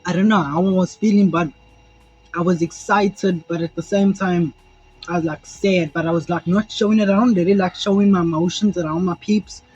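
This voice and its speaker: A young man with a South African accent tells a story in an animated, rambling way, swearing casually and playing out each moment. His voice sits high and slightly husky. The sound is dull and lo-fi, with faint music underneath. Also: fairly quick. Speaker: vlogger.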